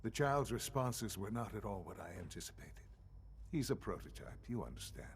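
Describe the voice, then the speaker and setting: An actor playing a calm elderly male scientist leader in a game, speaking in a measured, formal way. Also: fairly low pitch, a little hiss or hum. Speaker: game character. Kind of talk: game dialogue.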